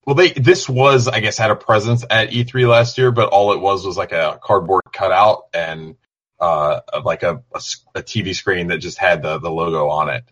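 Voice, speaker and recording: A man's voice: deep voice, steady tone, normal speed, fairly bright tone, highs cut off. A man co-hosting a casual gaming podcast, talking in a rambling, easygoing way. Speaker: podcast co-host.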